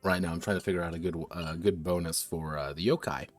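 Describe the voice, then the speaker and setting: A man's voice: low-pitched, steady tone, fast, faint music behind. A man streaming while designing a tabletop game, thinking aloud with restarts and self-corrections, a little slurred from drinking. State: tipsy from drinking.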